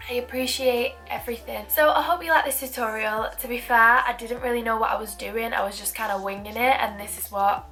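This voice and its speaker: A woman's voice: a little high, fairly bright tone. Giggly young woman vlogging. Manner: chatty, giggly, self-deprecating. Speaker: beauty vlogger. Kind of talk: chatty makeup tutorial. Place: her bedroom.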